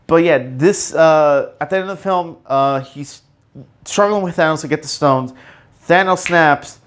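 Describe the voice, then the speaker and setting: A man hosts a casual solo podcast, talking in an excitable, rambling way. He stumbles over fillers and restarts and breaks into emotional outbursts. His voice is fairly high for a man. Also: measured pace, smooth. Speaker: podcast host.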